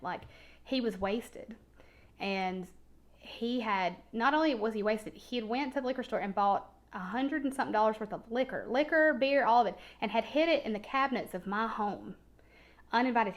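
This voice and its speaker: A woman recounts a hard personal story in plain, unscripted speech. She stumbles and repeats her words when the memory weighs on her, then pushes on. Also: mid-range voice.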